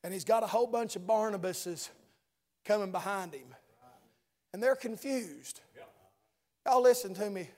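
A man's voice: sits high, unhurried, long pauses, darkish tone. A man preaching a sermon in church, building with repeated phrases and asides to the congregation.

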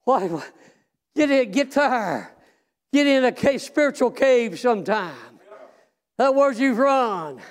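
A man preaching a fervent sermon in folksy, plain speech, breaking often into shouts and drawn-out exclamations. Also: very high voice, big pitch swings.

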